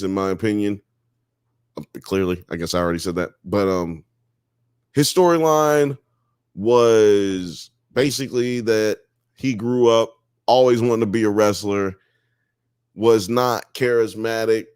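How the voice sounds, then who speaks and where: A man's voice: lowish voice, clear, resonant tone, no echo, studio quality. A man from the US South and Midwest hosting a live show, casually reading chat comments aloud and riffing on them. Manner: laid-back, reads chat comments aloud and riffs on them.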